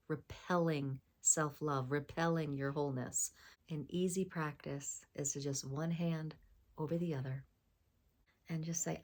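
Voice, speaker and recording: A woman speaking as a spiritual voice coach, gentle and affirming, sometimes dropping into a soft whisper. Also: low voice. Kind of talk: spiritual self-help talk.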